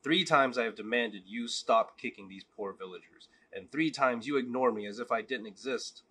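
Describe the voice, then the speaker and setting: A man's voice: fairly low pitch, normal speed, sharp tone, breathy edge. A man voicing an indignant rabbi who makes formal, insistent demands, in a spoken joke.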